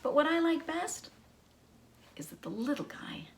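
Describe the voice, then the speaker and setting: A woman librarian reading a children's story aloud in an expressive, teacherly way. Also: high voice, unhurried, a little hiss or hum.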